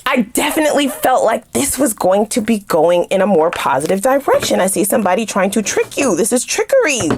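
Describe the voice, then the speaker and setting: A woman giving a casual tarot reading to her viewers in an animated, sassy way, swearing freely and laughing while she rants. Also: medium pitch, brisk, hardly any pauses. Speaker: tarot reader.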